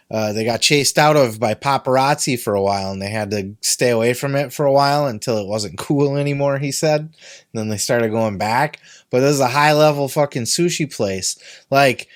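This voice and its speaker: A man hosts a podcast with blunt, foul-mouthed commentary. His voice sits at a middle pitch. The recording is dry and close. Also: no echo. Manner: profane, blunt. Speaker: podcast host. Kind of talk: casual commentary.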